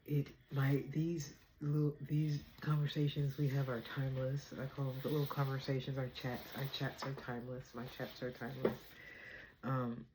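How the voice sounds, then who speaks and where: A woman hosting her own chat vlog from home, talking fast and bubbly about spiritual topics and laughing often. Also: rumbling low, warm tone, a little hiss or hum, low-quality recording. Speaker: vlog host. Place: home apartment.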